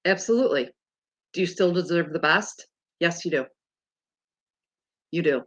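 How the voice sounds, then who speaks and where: Frank, lively woman speaking casually. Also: lowish voice, unhurried. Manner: frank and animated, swears freely, laughs often. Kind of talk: casual chat.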